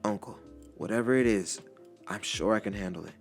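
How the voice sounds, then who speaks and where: Male narrator voicing a brooding young prince, low-pitched and restrained, quiet, tight-lipped. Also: brisk, soft background music, lightly acted. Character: young brooding prince holding back anger.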